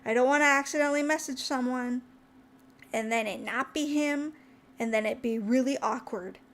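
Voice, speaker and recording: A young woman with a high voice tells a rambling story on her stream and sounds tired. She jumps up in pitch whenever she acts out what someone said. Her telling is chatty and animated. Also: normal speed. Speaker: VTuber streamer.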